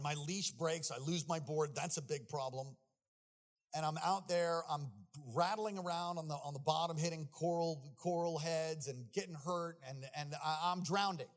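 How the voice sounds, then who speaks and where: A man preaching a sermon, telling a story with animation and building to shouted peaks. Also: on the high side.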